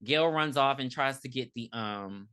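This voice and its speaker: A woman with a low, deep speaking voice recaps a film for a podcast. She talks casually, swears freely, and acts out the characters' lines with a laugh in her storytelling. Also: unhurried, smooth. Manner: animated, profane, laughing storyteller. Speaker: podcast co-host. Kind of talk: casual movie recap chat.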